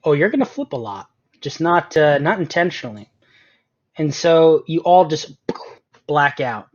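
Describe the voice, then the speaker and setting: A man's voice: fairly high pitch, animated, unhurried. A man narrating as game master in a tabletop game, casually and with many fillers. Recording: dull lo-fi sound.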